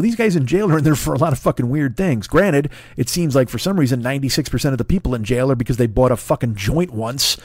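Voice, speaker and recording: A podcast host in his forties riffs alone for comic effect, ranting profanely, laughing and restarting his sentences as he goes. His voice is a little high with a darkish tone, captured in a dry, studio-quality recording.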